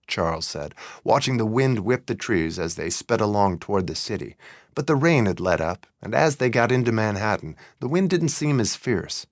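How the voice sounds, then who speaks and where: Calm low-voiced male audiobook narrator. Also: no room sound, studio quality. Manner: calm, measured reading. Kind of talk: scripted narration.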